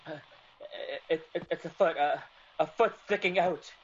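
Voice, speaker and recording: An actor playing an excitable, stammering man in an old-time radio drama. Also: fairly high pitch, normal speed, highs cut off, slight background noise, natural voice. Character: curious man who finds a finished story.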